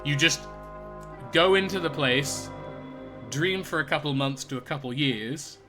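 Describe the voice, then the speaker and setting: A man streaming a video game live, talking it over casually and thinking out loud. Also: a little high, measured pace, over music. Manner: casual, rambling and thinking aloud.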